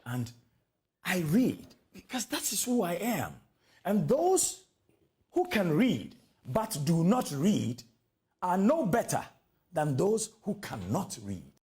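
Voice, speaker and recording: A man's voice: high voice, wildly swooping pitch, slow, warm tone, husky. A man in a played video clip giving a solemn, grandiose monologue.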